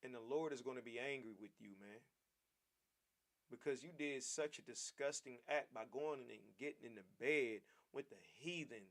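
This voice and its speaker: A man's voice: mid-range voice, moderate pace, fairly bright tone. A man teaching a Bible class in a preaching style, emphatic and repetitive, often calling his listeners "man".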